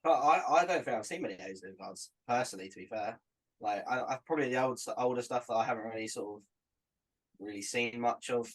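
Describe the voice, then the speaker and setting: Husky, laid-back man. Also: mid-range voice, fairly quick, poor audio. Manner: laid-back, hesitant, many fillers. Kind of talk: casual podcast chat.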